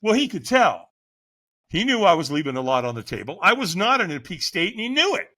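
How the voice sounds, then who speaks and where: Animated high-voiced man telling a story. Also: brisk. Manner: animated, vivid storyteller who acts out quotes and laughs often. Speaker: guest, fire captain. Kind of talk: storytelling in a podcast interview.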